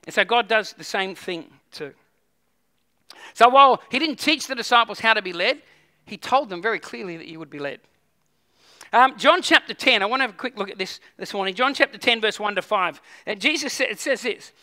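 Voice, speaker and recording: This preacher's voice is very high, remarkably bright and forceful, with lively intonation and a slightly fast pace. He chats with his congregation during the sermon, tripping into restarts and tossing them questions.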